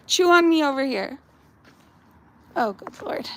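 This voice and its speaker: A woman's voice: high-pitched, big pitch swings, moderate pace, creaky, a little mellow. A woman in her thirties chatting casually on a backyard livestream, talking to her dog and her viewers and laughing often. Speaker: vlogger livestreaming. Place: backyard outdoors.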